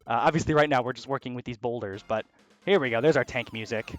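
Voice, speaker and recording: A man giving casual commentary as he plays a video game, excitable and swearing freely. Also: mid-range voice, fast, soft background music. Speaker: let's play host.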